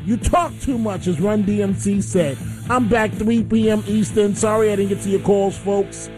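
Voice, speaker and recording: A man's voice: high voice, fairly even intonation, moderate pace, over music. A middle-aged man hosting call-in talk radio, telling stories animatedly and laughing at himself. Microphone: studio microphone.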